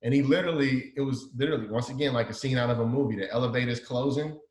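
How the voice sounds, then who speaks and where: A man's voice: medium pitch, very fast, a little mellow. A man from Chicago's South Side, a designer telling a story in an interview, animatedly acting out the dialogue he quotes. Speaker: guest, designer. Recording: echoey room.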